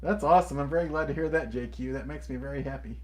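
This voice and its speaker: A man's voice: mid-range voice, fast talker, a little mellow, a little hiss or hum. Male live stream co-host, friendly and upbeat, reacts to chat comments. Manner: upbeat, reads out and answers viewer comments; enthusiastic, friendly greetings to viewers.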